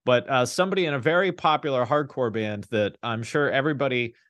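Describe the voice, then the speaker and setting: A man's voice: medium pitch, fast, fairly bright tone, no echo. Wry podcast host man, dry close mic. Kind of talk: casual podcast chat.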